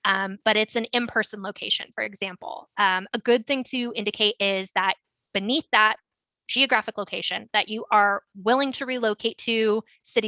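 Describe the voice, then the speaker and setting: A woman's voice: medium pitch, pushed and bright, no echo, rough recording. A woman career coach giving an instructional webinar talk, earnest and emphatic with frequent ums.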